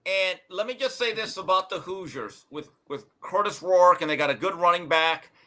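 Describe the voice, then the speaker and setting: A man with a high, bright, ringing voice hosts casual sports talk. He tells stories with animated emphasis and swears freely. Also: normal speed. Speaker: sports show host.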